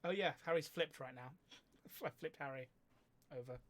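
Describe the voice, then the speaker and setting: Playful Southern English man chatting. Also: normal speed. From Hampshire, England. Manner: playful, slips into comic accents and squeaky voices. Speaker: streamer host. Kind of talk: casual chat on a livestream.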